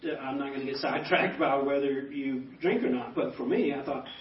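A pastor giving a personal testimony to a banquet audience, telling it as animated stories with self-deprecating humor. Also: male voice, mid-range voice, a little fast, slight background noise. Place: banquet hall. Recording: echoey hall, distant mic, dull sound.

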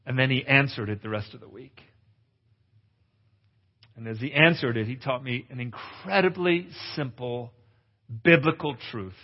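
Earnest pastor in an echoey hall. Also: male voice, medium pitch, normal speed, long pauses. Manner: earnest, confessional, playful asides to the crowd. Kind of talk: testimonial sermon. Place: conference hall. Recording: echoey hall, slightly dull.

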